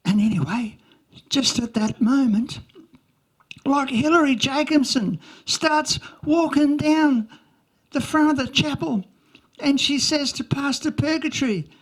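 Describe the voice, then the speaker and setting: A woman's voice: sits high, a little slow. A woman playing an earnest young schoolchild in a comic monologue, rambling with lots of "like" and childish grammar slips.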